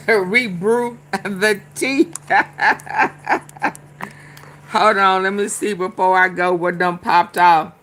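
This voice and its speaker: This woman hosts a casual commentary show, her voice fairly low in pitch yet fairly bright in tone. She drawls, talks back at the clips, and keeps repeating herself. There's a slight hiss or hum on the recording.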